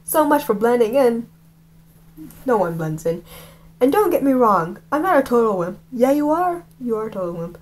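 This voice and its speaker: Chatty female book reader with a lively pitch and casual, mocking asides. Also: normal speed. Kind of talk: reading a novel aloud with asides.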